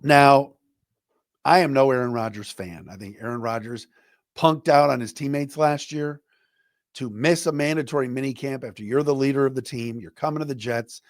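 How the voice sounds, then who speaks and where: A man's voice: mid-range voice, normal speed, no echo, studio quality. A middle-aged man hosting a sports talk podcast, giving opinionated, conversational commentary and acting out quotes as he goes. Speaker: podcast host.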